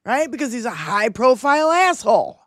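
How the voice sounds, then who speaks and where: A woman co-hosting a casual political chat, blunt and profane and quick to laugh. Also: fairly high pitch, big pitch swings, no room sound, clean studio sound. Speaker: podcast co-host.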